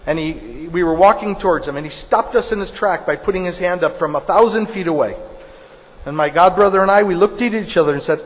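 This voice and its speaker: A man preaches in a fairly high, emphatic voice, telling stories and hammering points home by repeating phrases. A long hall reverb follows his words. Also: fairly quick, lo-fi sound. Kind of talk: sermon.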